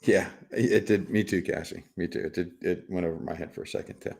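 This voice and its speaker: A middle-aged man with a low voice hosts a laid-back livestream, reading chat aloud in a loose, rambling way. His tone is rough and gravelly, and he teases viewers and chuckles often. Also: steady tone, fast, darkish tone. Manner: rambling, teasing, chuckles often, repeats words. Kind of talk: casual chat.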